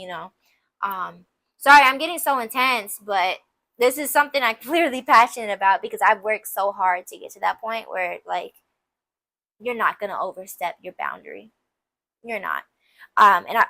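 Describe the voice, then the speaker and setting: A woman's voice: medium pitch, bright, forceful tone, no echo. A young woman hosting a casual advice podcast, candid and emphatic, full of "like" and playful asides. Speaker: podcast host.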